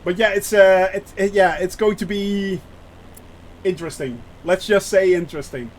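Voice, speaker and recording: A man with a notably high voice commentates his flight-simulator stream, talking to viewers in loose, filler-heavy sentences. He often restarts his phrases. Faint noise sits under the recording. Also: normal speed. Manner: chatty, lots of fillers, reads chat aloud; nervous about landing. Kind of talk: live gameplay commentary.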